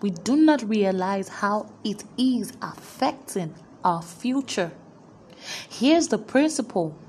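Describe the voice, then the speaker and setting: A woman delivers a motivational sermon at a slow, deliberate pace, leaning hard on repeated declarations. Her delivery is emphatic, with dramatic pauses between lines. A faint hum of background noise sits under her voice. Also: mid-range voice, darkish tone. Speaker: preacher.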